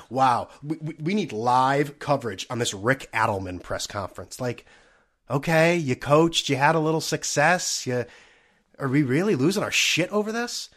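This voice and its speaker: A man's voice: fairly high pitch, lively intonation, moderate pace, fairly bright tone. A young man hosting his own podcast while sick and out of breath, ranting in a profane, sarcastic, rambling way. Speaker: podcast host. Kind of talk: solo podcast rant.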